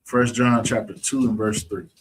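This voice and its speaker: A husky-voiced man leads an online scripture lesson, preaching with a mocking edge. He keeps checking in with his listeners, asking whether they understand. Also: on the low side, flat delivery, moderate pace. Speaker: scripture teacher.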